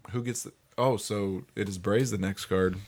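A man's voice: lowish voice, fairly even intonation, moderate pace, darkish tone. A man hosting a podcast, joking and laughing through casual banter over a party game. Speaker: podcast host.

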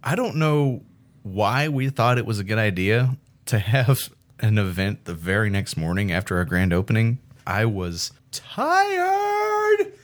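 A man who owns a brewery, chatting casually and joking with his friends. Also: lowish voice. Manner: laid-back, swears casually, quick jokes. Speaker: brewery owner and podcast host. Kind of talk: casual chat.

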